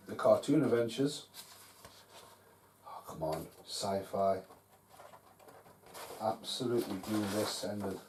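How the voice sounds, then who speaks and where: A man's voice: lowish voice, slow, long pauses, a little mellow, a little hiss or hum. A man hosting a casual film review vlog at home, rambling and swearing freely. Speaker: host. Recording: roomy, distant from mic.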